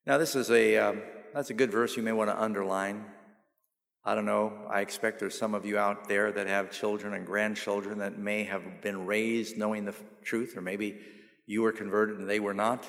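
A male pastor preaching a sermon, asking the audience questions and answering them himself, and slowing down to stress key phrases. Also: fairly low pitch, little pitch movement, gravelly, a bit bright. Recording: long reverb of a large hall.

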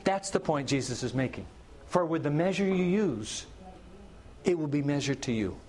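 A middle-aged man preaching a sermon. His voice sits a little high for a man. He tells the story with animated delivery and briefly acts out the people in it. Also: moderate pace. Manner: animated storytelling, acting out characters' lines. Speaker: pastor.

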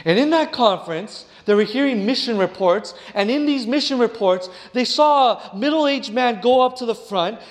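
Brief: male preacher, storytelling sermon, dramatic hushed drops, high voice, big hall reverb. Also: expressive, normal speed, hardly any pauses. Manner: dramatic, drops to a hush, addresses listeners as "friends".

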